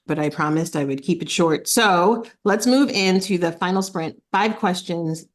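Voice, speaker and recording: A woman in her forties hosting a podcast, chatty and relatable, asking questions and sharing quick asides. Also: lowish voice. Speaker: podcast host, career coach. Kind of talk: casual interview talk.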